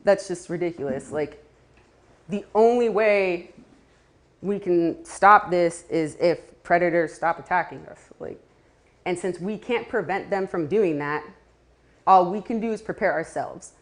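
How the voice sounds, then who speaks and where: A woman's voice: fairly low pitch, unhurried. A woman giving a casual talk to a live audience, chatty, with laughing asides and many fillers. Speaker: community speaker.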